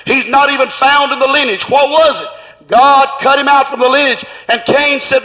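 A man preaching a sermon in a fervent, rhythmic way, at times breaking into shouts. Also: extremely high pitch, steady tone, normal speed, in a large hall, rough recording.

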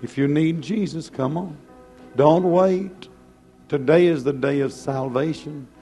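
A male preacher with a somewhat high voice drawing out every phrase at an unhurried pace. He pleads and exhorts with rising passion, and soft music plays faintly behind him. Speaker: pastor. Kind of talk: sermon.

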